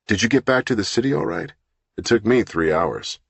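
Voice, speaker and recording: A man voicing a brisk, wry male attorney who asks pointed, probing questions. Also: mid-range voice, very animated, creaky, husky, no echo, voice pushed up, full character voice. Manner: brusque, then concerned and probing.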